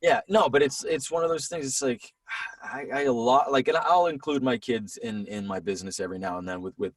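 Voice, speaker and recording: A voiceover actor in his thirties chats casually as a podcast guest, speaking a little fast in a medium-pitched voice. He rambles and restarts often. The recording is dry and a bit distant from the mic.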